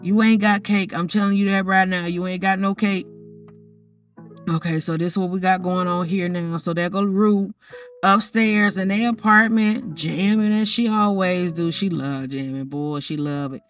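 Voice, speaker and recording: A woman's voice: fairly low pitch, steady tone, normal speed, distant mic, soft background music. A woman casually narrating a life-simulation story, chatty and teasing, often talking straight to the characters. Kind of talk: casual commentary over gameplay footage.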